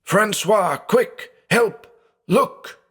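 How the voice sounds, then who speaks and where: A man's voice: deep voice, lively intonation, a little slow. A man voicing a terrified old blind man who reasons anxiously, then breaks into frantic shrieks. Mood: shrieking. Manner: fearful, rising to frantic shrieks.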